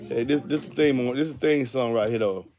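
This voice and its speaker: A middle-aged man hosting a casual livestream. He talks loud and excitable, full of slang, and laughs often. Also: medium pitch, moderate pace, faint music behind. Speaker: host of a car audio livestream.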